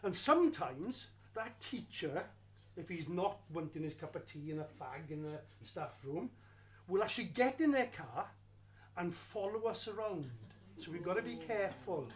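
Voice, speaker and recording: A man telling a lively first-person story of his school days, wry and slowing down for emphasis. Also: high voice. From Wales.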